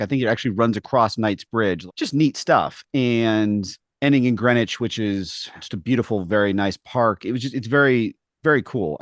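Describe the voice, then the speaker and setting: A man co-hosting a casual podcast, who talks in an animated way and acts out the voices in his stories. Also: medium pitch, no echo, clean studio sound. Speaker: podcast co-host.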